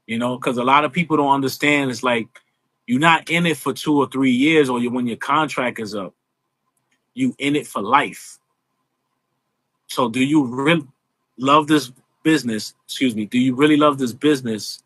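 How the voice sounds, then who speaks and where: A man being interviewed, talking in a casual, animated way about wrestling, often saying "you know". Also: mid-range voice, normal speed, no echo. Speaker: guest, social media influencer.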